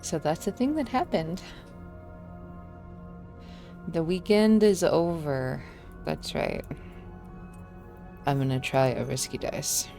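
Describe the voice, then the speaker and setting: Low-voiced woman streaming a game. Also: lively intonation, slow pace, creaky, long pauses, dark tone, soft background music. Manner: casual, self-deprecating, laughs often. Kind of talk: playing a game and reading its text aloud.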